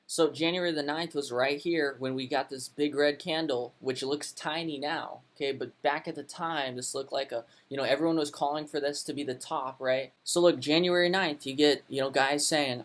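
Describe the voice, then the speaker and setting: A young man with a slightly high voice talks fast and loose about his trades, swearing freely and sounding fed up with his audience. He keeps calling his viewers guys and bro. The talk is unscripted, straight to camera. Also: fairly even intonation. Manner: brash and profane, frustrated ranting, addresses viewers as guys and bro. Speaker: crypto trading video host. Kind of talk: casual market commentary to camera.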